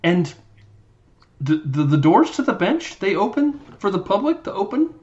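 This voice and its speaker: A man's voice: sits high, very animated, normal speed, darkish tone, highs cut off. A man hosting a podcast, recapping a movie in casual, rambling chat and acting out lines in silly voices. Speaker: podcast host.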